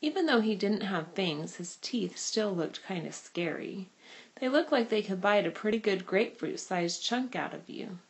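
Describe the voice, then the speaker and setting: A woman's voice: medium pitch, expressive, moderate pace. Woman reading a novel aloud. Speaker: reader.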